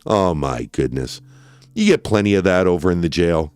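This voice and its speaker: A man voicing a weary, patient judge who speaks calmly and deadpan, in a dramatic reading of a trial transcript. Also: normal speed, clear, resonant tone, no echo. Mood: stern. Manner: calm, deadpan, low-key.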